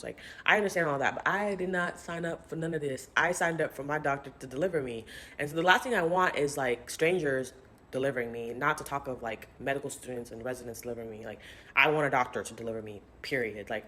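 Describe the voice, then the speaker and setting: A young woman vlogger telling a personal story in a casual, chatty way, often quoting others in lively put-on voices. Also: very deep voice, a little hiss or hum.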